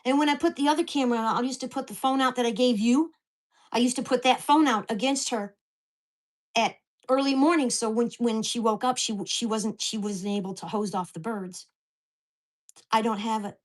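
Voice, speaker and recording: A woman vlogger ranting to the camera, with profane, fast-shifting storytelling and an exasperated, indignant tone. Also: fairly high pitch. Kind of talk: angry rant to camera.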